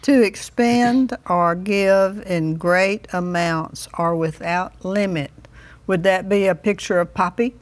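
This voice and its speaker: A woman's voice: medium pitch, steady tone, slow. Older female co-host who affirms constantly with amens and hallelujahs. Casual, chatty. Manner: affirming interjections, warm agreement. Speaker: co-host of a Christian talk program. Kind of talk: casual chat.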